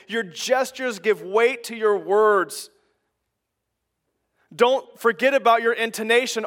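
A man with a fairly high voice, delivering a sermon as pastor. He preaches in a conversational but emphatic way, pressing his points with building intensity. He sounds middle-aged. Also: fairly bright tone.

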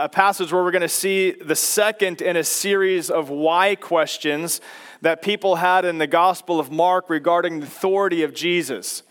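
High, smooth-voiced male pastor preaching. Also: a bit bright. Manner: emphatic, slowing on key phrases. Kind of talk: sermon. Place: church sanctuary.

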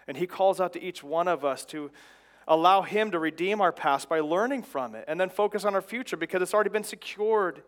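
High-voiced earnest preaching man. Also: fairly quick, fairly bright tone. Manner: earnest and exhorting, building to emphatic repeated phrases. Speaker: pastor. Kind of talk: sermon.

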